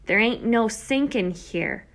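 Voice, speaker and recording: A woman reading an audiobook, voicing a slow, stubborn third-grade boy who talks in plain, drawling kid speech. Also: high-pitched, expressive, a little mellow, pitched above the performer's own voice, exaggerated voice. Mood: sulky.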